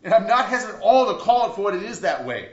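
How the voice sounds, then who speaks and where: A man preaching a sermon as a pastor, in an earnest manner that swings between loud, emphatic bursts and quiet, reflective stretches. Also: high-pitched, very animated, very fast. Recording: roomy, dull lo-fi recording.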